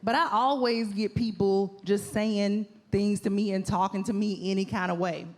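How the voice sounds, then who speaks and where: A woman's voice: mid-range voice, normal speed. A woman doing a stand-up comedy set in a club, telling stories animatedly and acting out the people in them. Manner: animated storytelling with acted-out quotes. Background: audience laughter.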